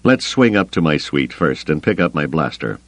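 Audiobook: male reader as a low-voiced, easygoing rogue, dry close sound. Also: big pitch swings, moderate pace, no echo, exaggerated voice. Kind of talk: audiobook character voice.

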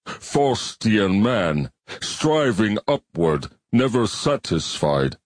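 A man voicing a large alien bivalve creature in an audiobook, speaking slowly and precisely like a lecturer. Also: on the low side, sing-song, no room sound, full character voice. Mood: lecturing.

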